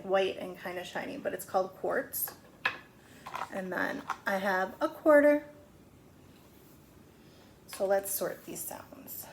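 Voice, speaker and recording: A woman's voice: medium pitch, slight background noise. A middle-aged woman teaching a phonics lesson to young children, patiently sounding out words.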